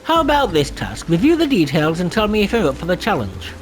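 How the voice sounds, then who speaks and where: A man's voice: sits high, huge pitch swings, fairly quick, faint music behind, low-quality recording. A man voicing a small, officious guild clerk who speaks in a proper, formal way.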